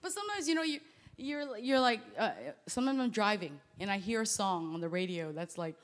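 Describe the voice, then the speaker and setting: A woman pastor preaching a sermon to a young audience in a conversational, animated way, with frequent laughs and sudden loud exclamations. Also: mid-range voice, brisk. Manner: animated, swings between quiet asides and loud exclamations.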